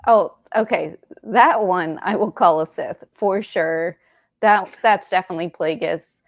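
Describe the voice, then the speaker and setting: Female podcast co-host, excitable, close dry sound. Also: lowish voice, measured pace, no room sound. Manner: excitable, laughs while talking. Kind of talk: casual chat.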